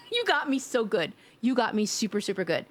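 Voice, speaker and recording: A woman's voice: medium pitch, lively intonation, a little fast, shouting. A young woman with a New York accent, chatting playfully on a live stream, joking, swearing and laughing often. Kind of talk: casual live-stream chat.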